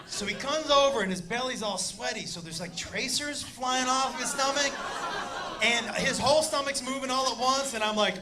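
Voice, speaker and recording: A man telling a wild story in a stand-up set, animated and shouting punchlines while voicing the people in it. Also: very high voice, normal speed. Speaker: stand-up comedian. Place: comedy club stage before a laughing audience. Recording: live club recording with crowd noise.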